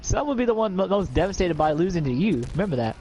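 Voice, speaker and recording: A man's voice: sits high, very animated, fast, a little mellow, a little hiss or hum, rough recording. A man narrating an improvised pirate role-play story as game master, in a rambling, casual way. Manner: rambling, casual, laughs often.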